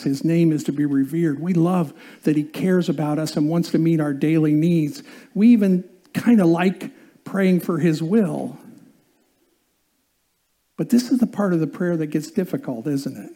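A man's voice: a little high, warm tone. A male pastor preaching a sermon in a conversational way, often asking the congregation questions.

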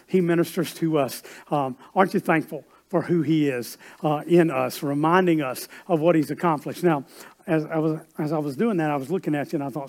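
A man preaching, his voice sitting a little higher than most men's. He talks in a relaxed, conversational way and then drives his points home with emphatic, louder lines. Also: brisk. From South Carolina. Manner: conversational, building to emphatic peaks. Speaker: pastor. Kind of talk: sermon with storytelling.

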